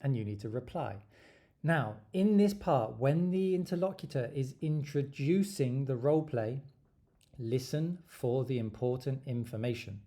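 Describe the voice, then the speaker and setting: A man teaching exam strategies, with a mellow, relaxed tone. He talks in a lively way, stressing key words and sometimes acting out short dialogues. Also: medium pitch, a little slow. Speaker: English teacher. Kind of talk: exam tips lesson.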